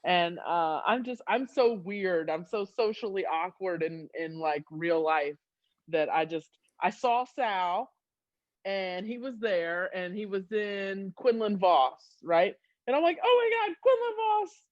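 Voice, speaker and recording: A woman telling a story on a casual video call, animated and giggly as she talks. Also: fairly low pitch, slow, no echo. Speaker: podcast fan guest. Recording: dull, dry video call audio.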